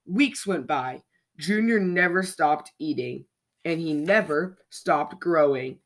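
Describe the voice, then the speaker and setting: Reading a children's picture book on a podcast, this storyteller sounds lively and expressive. The pitch is medium and the pace slow.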